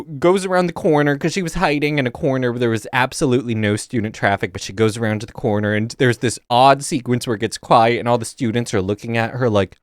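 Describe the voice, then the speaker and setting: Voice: medium pitch, no echo. Exasperated film reviewer, dry sound. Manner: exasperated, animated, many fillers. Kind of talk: casual spoiler review.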